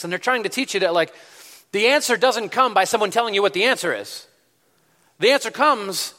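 A man's voice: high-pitched, a bit bright. A man preaching a sermon, telling a story in a loose, conversational way with many fillers. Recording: long hall reverb.

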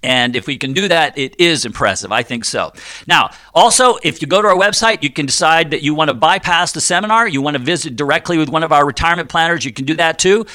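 Man, middle-aged, radio finance host, chatty explainer, joking, bright forceful voice. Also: on the high side, lively intonation, quick pace. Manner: chatty, jokey, explaining step by step with frequent fillers. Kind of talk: conversational radio talk.

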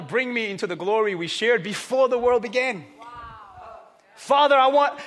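A man preaching a sermon to a congregation, energetic and often shouting. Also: extremely high pitch. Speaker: pastor. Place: church hall with congregation.

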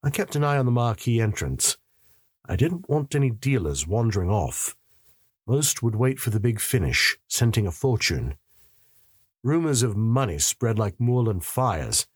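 A man's voice: mid-range voice, very animated, a little slow, breathy edge, no echo, studio quality. A man narrating a story in the first person with a wry, sardonic manner.

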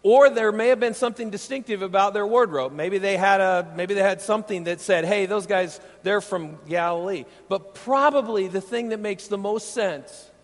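A man from Iowa preaching a sermon as pastor, emphatic and animated, often checking in with his listeners with rhetorical questions. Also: high-pitched, moderate pace, few pauses. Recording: long reverb of a large hall.

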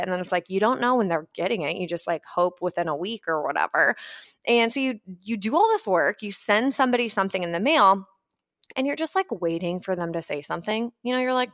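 A woman's voice: mid-range voice, a bit bright, dry recording, studio quality. Chatty woman giving a motivational talk. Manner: chatty, many "like"s, acts out little scenes. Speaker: podcast host.

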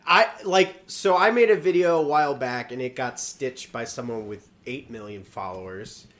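A man's voice: mid-range voice, moderate pace, a bit bright, a little hiss or hum. A man co-hosting a comedy podcast, chatting casually and hesitantly, often trailing off. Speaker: podcast co-host. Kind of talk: casual chat.

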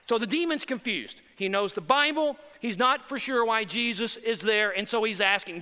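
A man's voice: sits high, normal speed, few pauses, sharp tone, big-room sound. A male pastor preaching a sermon in a church, emphatic and repetitive.

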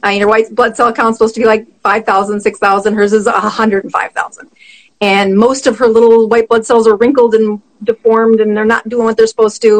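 A middle-aged woman, a physician appearing as a guest, tells a personal story in conversation. Her voice is on the high side, animated and quick to laugh, though the audio quality is poor.

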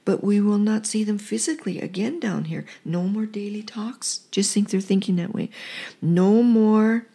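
A woman leads a scripture teaching, reading each verse aloud before explaining it in plain, earnest language. Her voice is mellow and a little husky. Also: mid-range voice, normal speed. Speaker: Bible teacher and co-host.

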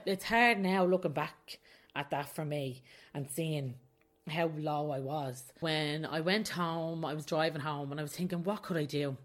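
A young adult woman hosting her own podcast, talking candidly and confessionally in a casual way and often laughing mid-sentence. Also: low-pitched. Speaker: podcast host. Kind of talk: casual solo podcast talk.

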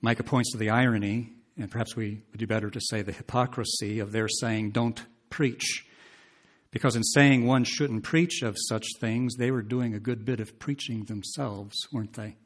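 A man delivers a teaching sermon in an easy, conversational way. His voice sits at a middle pitch, and he often turns to his listeners with questions. When he reads scripture aloud, he lifts it with added emphasis. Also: steady tone, moderate pace. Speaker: preacher. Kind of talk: expository sermon.

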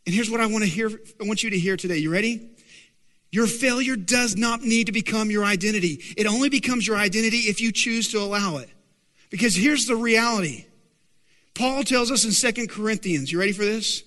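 Pastor guy preaching, high bright voice, keeps asking the crowd questions, big hall echo. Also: fairly quick. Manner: animated, asks the congregation questions. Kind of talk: sermon.

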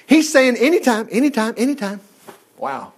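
A man preaching a sermon, retelling a story with animated asides and frequent chuckles. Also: very high-pitched, moderate pace, slightly rough. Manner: animated storytelling, acts out quotes, chuckles often.

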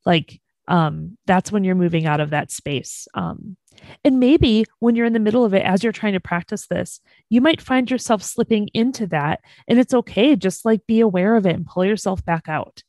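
A woman co-hosting a discussion, explaining her points in a measured way. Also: medium pitch, darkish tone, dry recording. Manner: measured, explanatory, light fillers. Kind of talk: conversational discussion.

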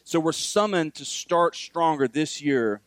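Pastor, male, mid-high voice, earnest sermon delivery, repeats key lines, dry recording. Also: expressive, unhurried, no echo.

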